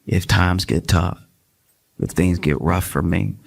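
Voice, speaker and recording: A man doing stand-up storytelling, animated and rambling with self-deprecating asides. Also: low-pitched, slow, vocal fry, slightly rough. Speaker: stand-up comedian. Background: faint audience laughter.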